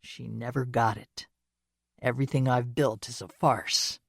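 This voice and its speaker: Woman doing guilt-ridden young man, audiobook, hushed, pained, low voice, dry. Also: fairly even intonation, a little slow, gravelly, no echo, heavily acted. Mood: despairing. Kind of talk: audiobook character reading.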